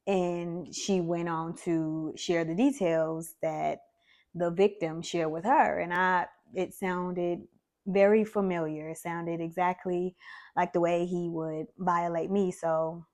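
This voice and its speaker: A woman's voice: fairly low pitch, fairly even intonation, slow pace, darkish tone. A woman vlogger candidly telling her own story, reflective and conversational with plenty of fillers.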